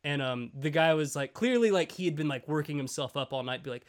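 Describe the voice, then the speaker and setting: Young male podcast co-host, somewhat high voice, loose rambling delivery with fillers and laughter. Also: quick pace, few pauses. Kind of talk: casual chat.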